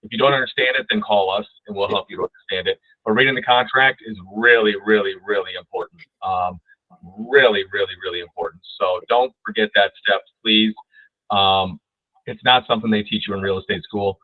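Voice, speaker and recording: A man's voice: fairly low pitch, steady tone, fairly quick, dry recording. A man teaching real estate agents in a training webinar over a video call, talking emphatically and often asking "right?". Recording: tinny phone-like dry audio.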